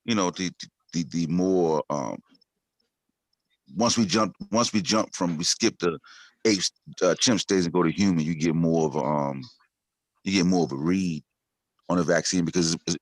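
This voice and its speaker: A man in casual podcast chat, teasing, laughing and firing off quick questions. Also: low voice, no echo. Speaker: podcast co-host.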